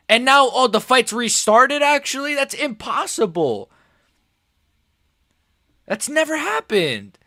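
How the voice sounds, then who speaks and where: Excitable young man reacting to fights live. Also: very high-pitched, takes it slowly, no echo, clean studio sound. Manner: excitable, swears a lot, says "bro" often; swings between shouted outrage and quiet muttering. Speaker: MMA reaction streamer.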